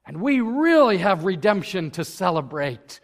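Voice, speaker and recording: A man's voice: high-pitched, very animated, measured pace. A man preaching a sermon as pastor, earnest and building to fervent emphasis. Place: church sanctuary. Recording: long reverb of a church hall.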